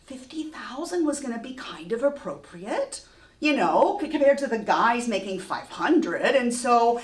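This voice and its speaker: A woman telling a true story on stage, lively and self-mocking, often laughing. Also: a little high, a little slow. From Texas. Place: museum event space before an audience. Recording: echoey room, voice from far off.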